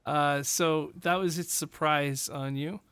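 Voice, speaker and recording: A man running a tabletop fantasy game as game master, relaxed and quick to laugh, with plenty of fillers. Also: fairly high pitch, smooth, dry recording.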